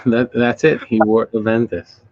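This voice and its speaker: A man's voice: medium pitch, flat delivery, a little slow, a little mellow, no room sound. A married man co-hosting a casual podcast, telling rambling stories in a laid-back way. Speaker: podcast co-host. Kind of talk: casual chat. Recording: dull lo-fi sound.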